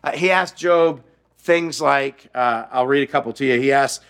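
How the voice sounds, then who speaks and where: A man's voice: mid-range voice, moderate pace, fairly bright tone. A man preaching a sermon, telling stories and acting out the quotes and jokes in them. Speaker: pastor.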